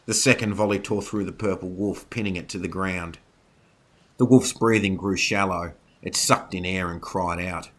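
Brief: deep male horror narrator, forceful and bright, steady dramatic reading. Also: normal speed, a little hiss or hum. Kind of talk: scripted horror story narration.

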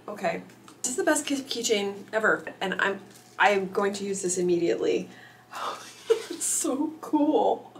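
A middle-aged woman vlogging as an author YouTuber, gushing and squealing with excitement while unboxing gifts, teary-eyed. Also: mid-range voice, normal speed, noisy background. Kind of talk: unboxing vlog.

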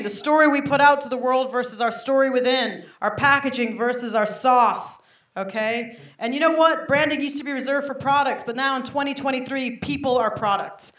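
A young woman doing stand-up with an American accent picked up over a mixed British upbringing, brash and self-mocking with quick asides to the crowd. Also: high voice, fairly bright tone. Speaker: stand-up comedian. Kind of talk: stand-up comedy set. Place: comedy stage before a live audience. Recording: roomy live venue, faint noise.

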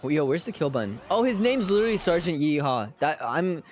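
Giggly female gaming streamer with a lively, animated voice who swears casually and reads game text aloud. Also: low-pitched, a little fast. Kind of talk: casual live-stream commentary.

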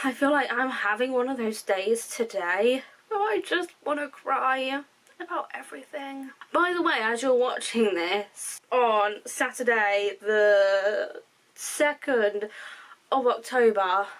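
A woman's voice: a little high, rough recording. A young woman, reacting to music in a rambling, candid way, tired and emotional. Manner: chatty, rambling, self-correcting. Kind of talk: casual reaction commentary.

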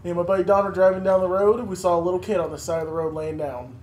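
A man's voice: sits high, steady tone, very fast, darkish tone. A man co-hosting a podcast in casual chat, playful, laughing often and exaggerating his stories. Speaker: podcast co-host. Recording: echoey room with faint background noise.

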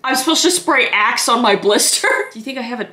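A woman's voice: a little high, lively intonation, fairly quick, sharp tone, soft background music. A woman from Canada giving sarcastic comedic reactions, swearing freely and laughing often. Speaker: comedy YouTuber.

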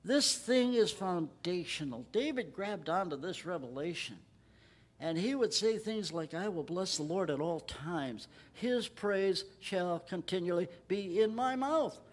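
A man preaching at a Bible study in a church, emphatic and rising in pitch when he quotes scripture. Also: lively intonation, a little slow. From Texas. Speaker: pastor.

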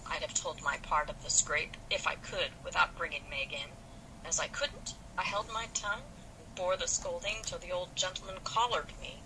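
A woman's voice: lowish voice, moderate pace, noisy background, lightly acted. A woman reading as a sulky proud youth. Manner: indignant, defensive.

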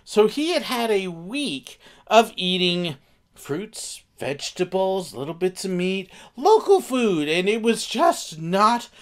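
Guy telling a family story, super animated, voice goes up and down a lot. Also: sits high, slow. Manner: animated, acts out quotes. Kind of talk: casual storytelling.

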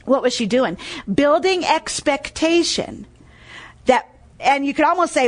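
Lady preacher, high voice, repeats stuff a lot and keeps asking the crowd "what?". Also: animated, a little slow. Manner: emphatic, repeats key phrases, quizzes listeners with "what?"; tells stories and reads scripture aloud. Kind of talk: sermon.

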